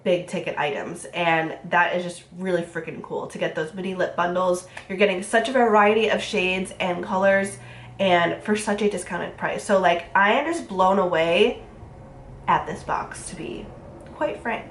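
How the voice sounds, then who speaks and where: A woman's voice: mid-range voice, a little hiss or hum. Chatty nasal woman in a roomy room. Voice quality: nasal from a cold. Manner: chatty, fast, filler-heavy. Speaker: beauty vlogger. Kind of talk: casual makeup review. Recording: roomy echo.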